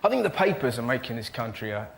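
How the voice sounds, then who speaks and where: A man doing panel show stand-up, animated and often shouting in put-on voices. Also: medium pitch, quick pace, creaky. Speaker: comedian. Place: TV studio with live audience. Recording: TV studio with loud audience and noise.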